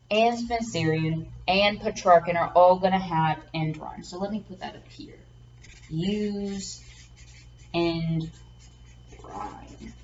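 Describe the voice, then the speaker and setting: A lower-voiced woman teaches a lecture and leans on ums and repeated words as she explains. The recording sounds dull and lo-fi, with a faint hiss of background noise behind her. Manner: repeats words, frequent ums, checks with "okay?". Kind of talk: classroom lecture.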